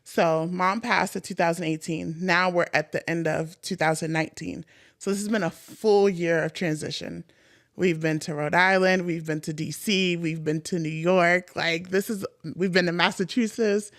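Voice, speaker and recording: A woman podcast host telling a personal story in an animated, chatty way, full of "like" fillers. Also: fairly low pitch, normal speed, no room sound, clean studio sound.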